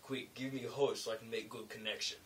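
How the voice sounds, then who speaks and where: A joking fake-Russian voice, put on by a man, teasing in broken English. It sits at an ordinary pitch and sounds a little away from the mic, with a faint hiss behind it. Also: fairly even intonation, fast, a bit bright, distant mic, close to an everyday voice, low-quality recording. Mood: playful. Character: mock Russian-accented man, playful teasing.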